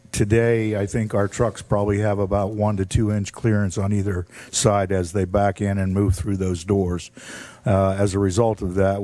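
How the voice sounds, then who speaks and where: Low, mellow-voiced fire chief explaining. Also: male voice. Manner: measured, explanatory, with frequent ums. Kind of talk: answering questions at a public meeting.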